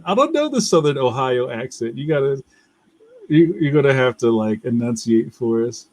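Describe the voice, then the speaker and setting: A man's voice: medium pitch, expressive, normal speed, darkish tone, dry recording. A young man with a Philadelphia accent hosting a casual livestream, rambling loosely, laughing often and reading out viewer comments. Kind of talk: casual chat.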